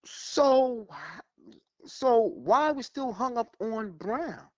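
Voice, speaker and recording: A man's voice: very high-pitched, animated, slow pace, dry recording. A man calling into a sports show by phone, heated and emphatic, repeating his points. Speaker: caller. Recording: dull phone line.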